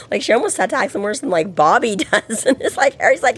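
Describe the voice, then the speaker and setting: A woman's voice: mid-range voice, brisk, slightly rough. A woman co-hosting a podcast in casual chat, acting out quoted lines with a lot of laughter. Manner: animated, acts out quotes with laughter. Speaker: podcast co-host.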